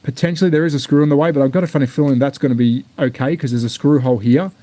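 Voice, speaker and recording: A man's voice: mid-range voice, very fast, dark tone, dry recording. A man with an Australian accent hosting a live-stream hobby unboxing, chatting casually and bluntly with plenty of swearing and rambling asides. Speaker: slot car channel host.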